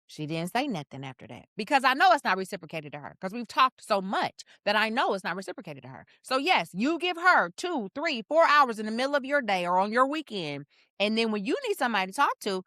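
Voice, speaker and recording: A woman co-hosting a podcast in casual conversation, her voice a little higher than most and swinging widely in pitch. She tells lively stories and acts out what people said. The sound is dry and close, with little room. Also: a little fast, no echo. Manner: animated storyteller, acts out quotes. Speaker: podcast co-host.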